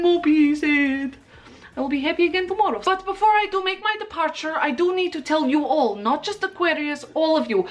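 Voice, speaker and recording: A young woman talking through a makeup tutorial in a bubbly, excitable way, playfully praising herself. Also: sits high. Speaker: makeup vlogger.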